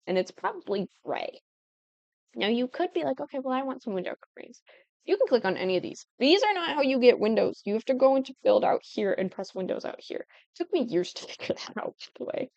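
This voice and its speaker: Chatty young woman with a gravelly voice. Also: medium pitch, darkish tone, no echo, dull audio. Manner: chatty and self-interrupting, with giggles. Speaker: Sims building tutorial creator. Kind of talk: casual gameplay commentary.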